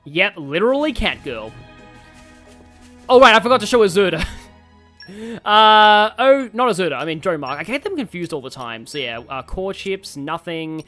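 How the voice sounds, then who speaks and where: A man's voice: high voice, lively intonation, moderate pace, sharp tone. A man streaming a game, thinking aloud in a rambling casual way with many fillers. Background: faint game music.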